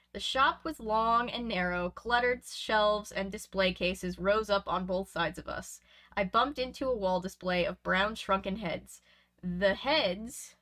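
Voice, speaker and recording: A woman from Canada reading a children's book aloud in a lively, expressive way, with chatty asides between passages. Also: mid-range voice. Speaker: reader and streamer. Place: home room with bookshelves.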